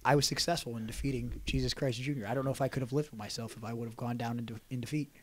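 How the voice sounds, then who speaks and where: A man, a professional wrestler on a podcast, telling a lively story in casual chat and acting out quotes. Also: mid-range voice, racing. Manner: animated storyteller, acts out quotes. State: hoarse voice. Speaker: podcast guest, pro wrestler.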